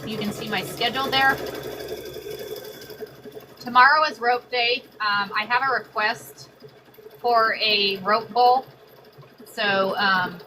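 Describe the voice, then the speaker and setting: A middle-aged woman with a bright, forceful, fairly high voice speaks directly to her livestream viewers while sewing, with a little hiss or hum in the background. She hosts the craft stream in an excitable, chatty way, repeating everything twice and saying "y'all" a lot.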